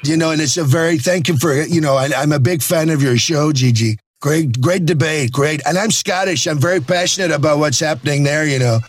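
A man's voice: a little high, fairly quick, hardly any pauses, dry recording, close to an everyday voice. A man impersonating a brash, boastful older male politician who rambles and praises himself.

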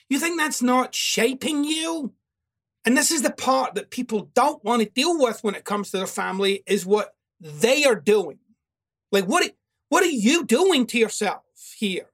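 A man's voice: very high-pitched, fairly bright tone. A man delivers a self-help monologue in a blunt, confrontational way. He swears often and presses the listener with pointed questions. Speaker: host of a self-help talk show. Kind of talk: motivational monologue.

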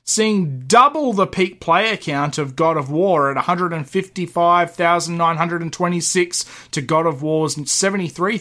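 Bright-voiced joking podcast host. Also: male voice, fairly high pitch. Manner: jokey, stumbles and laughs through lines. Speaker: podcast co-host reading news. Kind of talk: casual comedic podcast chat.

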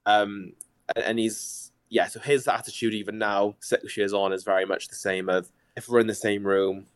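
A man's voice: on the low side, flat delivery, moderate pace, clean tone, no echo. A man in his twenties with a Welsh accent, a podcast guest openly and chattily telling his personal story. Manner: open and chatty, with frequent fillers.

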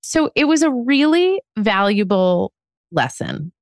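A woman's voice: mid-range voice, very animated, slow pace, no room sound, studio quality. A woman in her forties co-hosting a podcast, telling a story in a candid, self-mocking way and laughing at herself often. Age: 40s. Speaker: podcast co-host. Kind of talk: casual chat.

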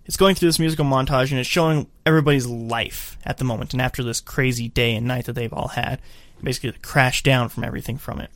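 A man's voice: medium pitch, fast talker, no echo. A man co-hosting a podcast, chatting casually as he retells a film scene by scene, acting out the quotes. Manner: animated storyteller, acts out quotes. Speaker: podcast co-host. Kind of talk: casual chat recapping a film.

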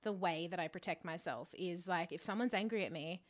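A woman's voice: lowish voice, fairly quick. A woman co-hosting a podcast in casual chat, talking candidly and rambling, swearing freely. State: out of breath. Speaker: podcast co-host.

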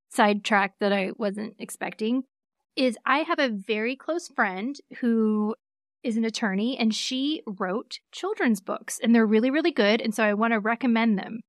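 A chatty woman attorney with a faint Southern accent co-hosts a casual podcast, often laughing at herself. Her voice sits fairly high. The sound is dry and close to the mic. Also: dry recording. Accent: Southern American, mostly hidden. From American South. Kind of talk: casual legal podcast chat.

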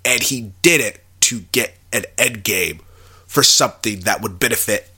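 A man's voice: lowish voice, normal speed, pushed and bright, husky. A man co-hosting a podcast in casual chat, hesitant and searching for his words. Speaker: podcast co-host.

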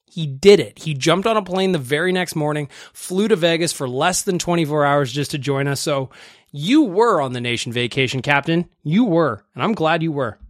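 A man's voice: a little high, expressive, moderate pace, dry recording, clean studio sound. A man hosting a casual podcast, chatty and self-deprecating as he plays listener voicemails. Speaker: podcast host.

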